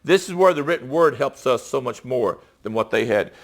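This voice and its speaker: A man preaching a sermon in a conversational way, reading scripture aloud, pausing and correcting himself as he goes. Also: mid-range voice, animated.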